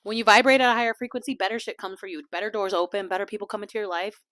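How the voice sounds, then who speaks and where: A woman hosting a casual podcast, chatty and laughing often, slipping into quiet asides. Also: mid-range voice, fairly even intonation, very fast, no room sound, studio quality. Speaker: podcast host. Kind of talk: casual chat. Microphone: small desk mic.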